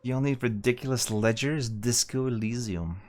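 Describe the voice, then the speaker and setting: A man streaming a game, reading dialogue and answering chat with dry, soft-spoken banter. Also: medium pitch, moderate pace. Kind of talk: live stream commentary and chat replies.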